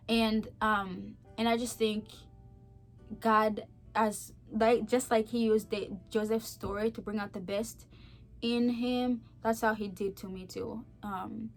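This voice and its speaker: A young woman with a fairly high voice tells a heartfelt, emotional story. She talks in a chatty, earnest way, full of little fillers. Her delivery sinks quiet and then rises with emphasis. Faint music plays behind her. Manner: chatty, with many "like" and "okay?" fillers. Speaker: vlogger sharing a faith testimony. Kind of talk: earnest personal testimony to camera.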